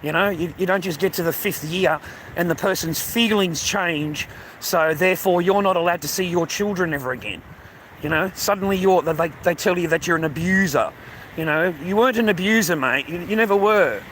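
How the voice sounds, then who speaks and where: Brief: man, slightly high voice, blunt and sweary, casual walking vlog, outdoors by a beach with faint noise behind. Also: fairly quick, fairly bright tone. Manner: blunt, swears often, calls viewers mate and bro. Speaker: vlogger.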